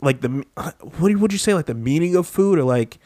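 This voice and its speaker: Dude rambling on a home podcast, says like a lot, dry close sound. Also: male voice, fairly high pitch, animated, fast, dark tone, no room sound. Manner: rambling, heavy use of "like". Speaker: podcast co-host. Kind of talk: casual chat. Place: home room with a window AC unit.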